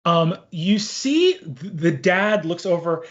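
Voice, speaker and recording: A man narrating as game master of a tabletop game, animated and prone to giggles and fillers. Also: sits high, takes it slowly, highs cut off.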